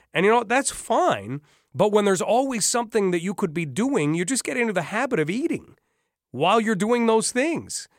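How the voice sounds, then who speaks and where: A man hosts a talk radio show in a brisk, conversational manner, speaking straight to his listeners. His voice sits a little high for a man. The studio recording is dry and close, with no room echo. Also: fairly bright tone. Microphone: studio microphone.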